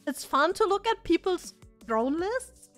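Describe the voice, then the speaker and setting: High-voiced woman chatting on a stream. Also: unhurried, faint music behind. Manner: chatty and excitable, swears casually. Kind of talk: casual live-stream chat with viewers.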